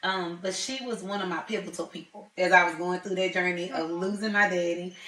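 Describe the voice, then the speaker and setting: A woman's voice: fairly low pitch, steady tone, a little fast, pushed and bright. A woman hosting a talk show, chatting and teasing her guest. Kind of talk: casual chat. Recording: roomy sound from a distant mic.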